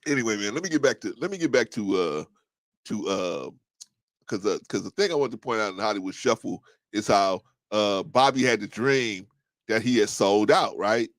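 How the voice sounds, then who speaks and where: A man hosting a casual live stream, chatting loosely with viewers, laughing often and slipping into high-pitched movie quotes. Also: animated, normal speed, no room sound, clean studio sound. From United States.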